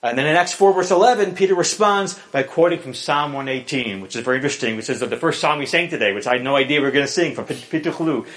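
A man's voice: on the high side, fast, few pauses. A man preaching a sermon to a congregation, with frequent "uh" fillers between points. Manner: animated preaching with many "uh" fillers, acts out quoted voices. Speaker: pastor.

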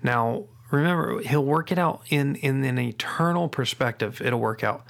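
Middle-aged male podcast host, gravelly voice, earnest and reflective delivery, repeats key lines slowly, frequent restarts. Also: medium pitch. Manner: earnest, repeats key phrases with slow emphasis; frequent restarts and doubled words. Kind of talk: faith-based parenting podcast talk.

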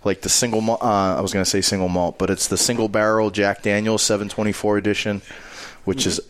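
A man's voice: lowish voice, level tone, quick pace. A man who works at a cigar bar, chatting casually and talking it up with enthusiasm. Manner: enthusiastic, promotional. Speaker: cigar bar staff member on podcast. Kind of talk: casual chat.

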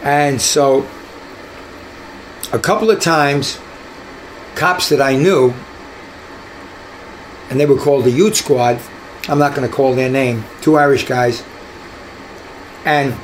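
A man's voice: mid-range voice, takes it slowly, pauses often, slight background noise, rough recording. An older man, a retired detective, telling stories from his career in an interview, acting out the voices he quotes. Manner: animated, acts out quoted voices. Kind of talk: storytelling in an interview.

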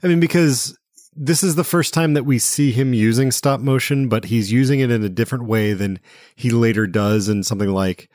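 A man hosting a casual film discussion podcast, talking in a relaxed, hesitant way with many fillers. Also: medium pitch, fairly quick, no echo, clean studio sound. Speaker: podcast host.

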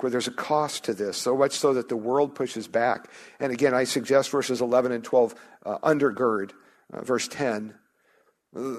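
A man's voice: mid-range voice, moderate pace. A man preaching a sermon as a pastor, earnest, often restarting his sentences and lifting his voice on key phrases.

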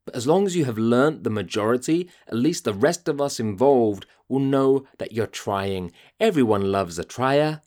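A man hosts a podcast, venting in a fired-up, profane monologue. His voice sits at an ordinary middle pitch. His tone is exasperated and blunt throughout. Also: darkish tone. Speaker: podcast host.

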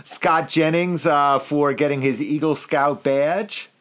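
A man co-hosting a casual local show, with deadpan teasing humor. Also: on the high side, slow pace. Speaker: co-host. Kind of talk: casual chat.

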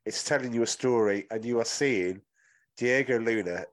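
A man's voice: medium pitch, normal speed. A man chatting casually as a podcast co-host, teasing and enthusiastic as he argues his point. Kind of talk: casual film chat.

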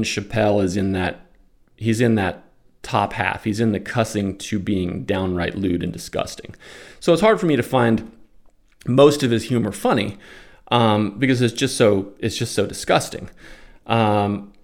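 A man's voice: lowish voice, vocal fry. A man talking in a casual, opinionated rant, exasperated and sarcastic, then calling out live stock trades. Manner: opinionated, exasperated, sarcastic, with mocking put-on voices. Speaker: stock day trader and commentator. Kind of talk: casual ranting monologue.

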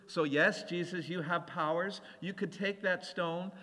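A male preacher delivers an animated sermon, giving scripture voices as he reads. His voice is bright and a little high. It rings with a long reverb, as in a large hall. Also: unhurried, few pauses.

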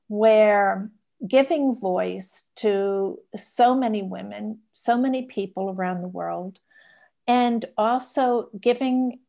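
A woman podcast host interviewing a guest in a reflective, drawn-out way. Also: mid-range voice, gravelly, dark tone. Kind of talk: interview hosting.

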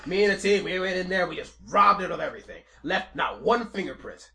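A man doing a loud, high-pitched mob thug in a tabletop game. He brags about heists in a chummy sales pitch and swings his voice up and down a lot. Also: lively intonation, a little fast, vocal fry, crowd noise. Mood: boastful. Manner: bragging, chummy salesman patter. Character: boastful male mafia thug, adult.

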